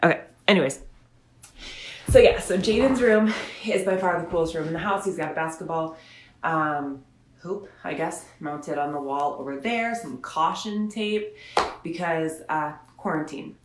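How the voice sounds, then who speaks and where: A woman's voice: deep voice, slight background noise. A woman radio host at home in her son's bedroom, chatting casually and then reading a children's picture book aloud in a rambling, friendly way. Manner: chatty and rambling, slows down to read. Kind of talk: chatty storybook read-aloud. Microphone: phone or camera set up in front of her. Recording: roomy bedroom sound.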